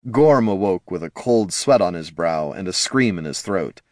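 A man narrating a fantasy audiobook in a lively, expressive reading style. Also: sits low, moderate pace, dry recording, clean studio sound.

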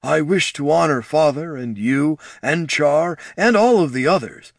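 A man voicing a huge young orc chieftain who is gentle, unsure and speaks in halting phrases. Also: on the high side, animated, gravelly, no echo, studio quality, voice pushed up, full character voice. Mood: uneasy. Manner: hesitant, halting.

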